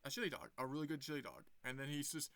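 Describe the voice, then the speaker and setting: A man's voice: mid-range voice, rapid-fire, fairly bright tone, no room sound. A young man casually retelling a movie plot for his review, rambling with lots of restarts. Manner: rambling, many fillers and restarts.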